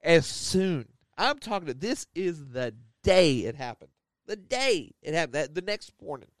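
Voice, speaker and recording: A young man with a fairly high voice that swings widely as he tells a story over casual chat. He swears freely and acts out the people in his story. The recording is dry and close. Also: very animated, a little slow, no room sound. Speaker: podcast host.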